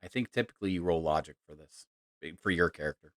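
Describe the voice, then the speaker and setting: A man narrating a tabletop role-playing game as game master, in a deliberate, halting way. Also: low-pitched, a bit bright, dry recording, studio quality.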